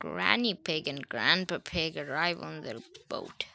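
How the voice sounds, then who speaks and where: A woman's voice: low voice, lively intonation, measured pace, gravelly, hardly any pauses, bright, forceful tone. A woman reading a children's storybook aloud, adding chatty asides to the listener.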